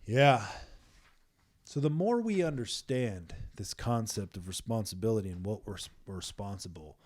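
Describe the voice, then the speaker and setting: A man with a fairly low voice talks through faith in loose, casual podcast chat. He is animated and peppered with "man" and "like", and now and then drops into a hushed, intense tone. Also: moderate pace. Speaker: podcast host.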